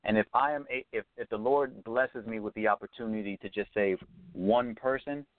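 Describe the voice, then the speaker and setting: Earnest low-voiced man on a phone line. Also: steady tone, moderate pace, dry recording. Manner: sincere, preacherly, hesitant with fillers. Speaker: guest. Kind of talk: earnest testimony. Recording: tinny phone-line audio.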